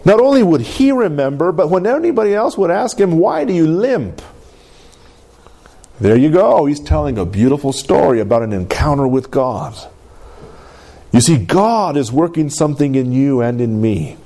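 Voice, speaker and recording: A man's voice: on the high side, lively intonation, normal speed, dark tone. A man preaching a sermon in a conversational way, often checking in with his congregation. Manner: conversational, keeps asking the congregation "Amen?". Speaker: pastor.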